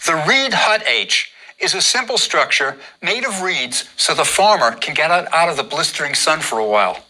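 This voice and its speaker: A man with a very bright, forceful voice gives a patient drawing lesson. His pitch moves a lot, rising on each instruction and dropping as he finishes a step. He repeats every step calmly. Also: normal speed, rough recording. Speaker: teacher.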